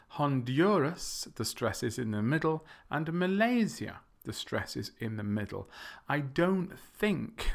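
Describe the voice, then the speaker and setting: Slow, gravelly man teaching word stress. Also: mid-range voice. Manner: slow, deliberate, exaggerates syllables, playful with light laughs. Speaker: podcast host teaching English. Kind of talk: language lesson on word stress.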